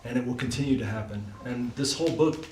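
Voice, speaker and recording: A man's voice: mid-range voice, fast talker, a little mellow. Chatty man telling a story, echoey room. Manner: loose and chatty, many fillers like "like" and "you know". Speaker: speaker at a devotional study gathering. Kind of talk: casual personal storytelling. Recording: echoey room, voice far from mic, faint hiss.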